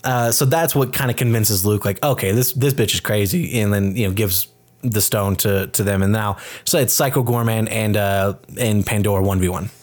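A man's voice: on the low side, normal speed. A man co-hosting a casual movie review podcast, retelling scenes animatedly and acting out the characters' lines in raised voices. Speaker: podcast co-host.

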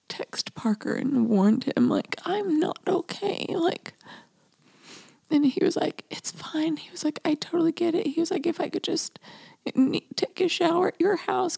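Gravelly high-voiced woman confiding. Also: warm tone, no echo. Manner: rambling and confessional, heavy use of "like"; often drops to a breathy near-whisper. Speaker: podcast host. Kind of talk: casual solo podcast monologue.

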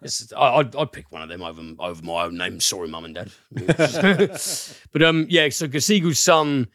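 A man's voice: mid-range voice, expressive, normal speed, a bit bright, dry recording. A man hosting a casual film review podcast, enthusiastic, rambling and profane.

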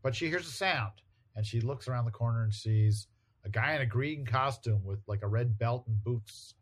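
A podcast co-host on a chat show casually retells a comic book story, briefly voicing characters when he quotes them. His mid-range voice has a breathy edge and moves at normal speed.

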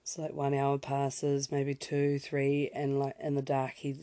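A woman's voice: extremely low pitch, completely flat delivery, measured pace, mellow, dry recording. A young woman telling a story in a casual podcast, chatty and full of fillers and sidetracking asides. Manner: chatty, lots of fillers, self-interrupting asides. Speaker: podcast host.

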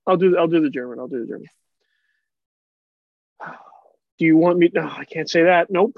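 A man with a high voice chats on a podcast, laughing often and cursing freely. The sound is dull and lo-fi in a dry room. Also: normal speed, vocal fry, no echo. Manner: laughing, swearing, animated. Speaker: podcast guest. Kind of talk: casual chat.

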